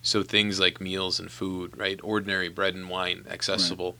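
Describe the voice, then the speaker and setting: A man's voice: deep voice, completely flat delivery, normal speed, sharp tone. A man explaining ideas in a casual faith discussion, often checking in with "right?". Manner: explanatory, tag questions like "right?".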